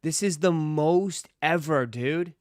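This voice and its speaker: A man's voice: on the high side, slow pace, darkish tone, no room sound, clean studio sound. A man hosting a casual livestream, talking straight to his chat viewers and repeating phrases for emphasis. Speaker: livestream host.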